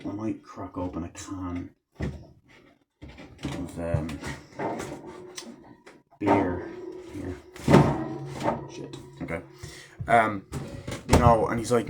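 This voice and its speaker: A man's voice: fairly low pitch, a little slow, long pauses, a little hiss or hum. A man giving a casual, rambling movie review at home, full of swearing and fillers. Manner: rambling, profane, filler-heavy retelling.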